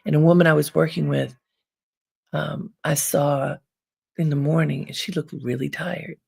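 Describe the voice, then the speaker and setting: A woman hosting an inspirational self-help talk, giving calm, unhurried advice with frequent pauses. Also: low voice, gravelly, slightly rough. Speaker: host.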